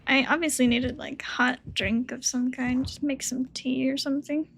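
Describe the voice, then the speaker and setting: A woman's voice: high-pitched, fairly even intonation, normal speed, fairly bright tone, a little hiss or hum. A woman live streamer chatting casually and swearing loosely while playing a game, with a sore throat and a cough drop in her mouth.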